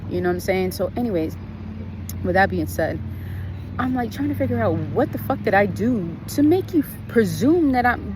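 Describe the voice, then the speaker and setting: A woman's voice: medium pitch, a little mellow, slight background noise, poor audio. A woman telling a story on her vlog in a casual, blunt, profane way, venting about her trip. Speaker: vlogger.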